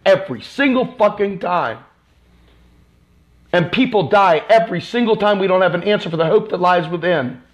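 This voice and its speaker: A man's voice: high voice, lively intonation, normal speed. A man from the United States hosting a live stream. He delivers an impassioned, angry political rant that is repetitive and profane.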